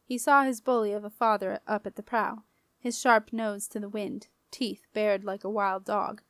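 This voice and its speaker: A woman reading a children's fantasy novel aloud as an audiobook narrator, in a clear, even storytelling manner. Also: medium pitch, dry recording. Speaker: audiobook reader.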